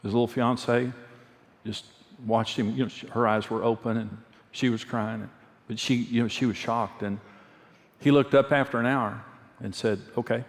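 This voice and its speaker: A middle-aged man preaches in an earnest, candid storytelling manner, circling back to repeat key phrases. His voice sits at an ordinary male pitch. A long reverb trails each line through a big church hall. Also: fairly even intonation, moderate pace. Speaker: pastor and marriage teacher. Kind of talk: sermon with personal stories.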